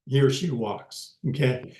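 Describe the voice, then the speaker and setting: A man teaching a language lesson in a slow, patient way, repeating each word and checking in with "okay" as he goes. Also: medium pitch, darkish tone, echoey room.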